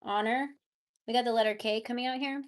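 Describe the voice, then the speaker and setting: A woman's voice: on the high side, steady tone, fairly quick. A woman giving a live tarot reading, chatting casually with her viewers. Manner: baby talk to her cat. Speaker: tarot reader.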